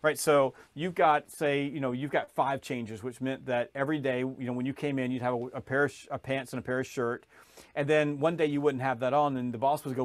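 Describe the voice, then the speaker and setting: A man telling a sales story in conversation, animated, acting out other people's voices as he goes. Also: a little fast, dry recording. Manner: lively storyteller, acts out voices, rises in pitch when excited. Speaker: podcast guest, sales author.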